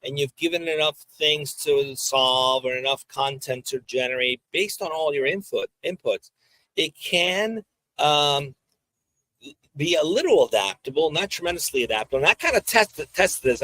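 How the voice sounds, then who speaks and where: A man's voice: on the high side, moderate pace, sharp tone, no room sound, low-quality recording. A man co-hosting a podcast, explaining his points by recounting a conversation step by step. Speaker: podcast co-host. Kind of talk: casual discussion.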